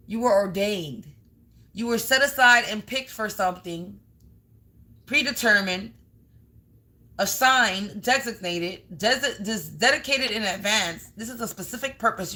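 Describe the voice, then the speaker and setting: A woman doing a live spiritual card reading, speaking emphatically and piling up synonyms one after another. Her voice is bright and forward. She mixes blunt profanity into otherwise plain, mid-pitched speech. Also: rough recording.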